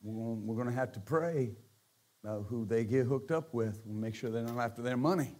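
A man preaching a sermon as pastor, animated and joking, swinging from quiet asides to shouts. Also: mid-range voice, fairly quick.

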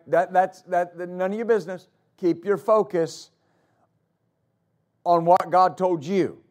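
A male pastor preaching a sermon, emphatic, repeating phrases for stress and swinging between loud declarations and quiet asides. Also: high voice, fairly even intonation, measured pace, long pauses.

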